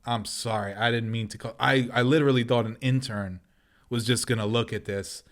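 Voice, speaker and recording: A man's voice: mid-range voice, fairly quick. Guy on a podcast telling a funny story, acting out the voices, laughing a lot. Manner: animated storyteller, acts out voices, laughs often. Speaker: podcast co-host.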